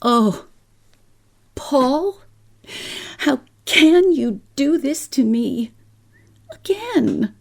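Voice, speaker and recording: A woman voicing a sad, aging mother who speaks softly and plaintively in a spoken story. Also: sits high, sing-song, extremely slow, creaky, pauses often, voice pushed up, exaggerated voice. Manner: soft and plaintive.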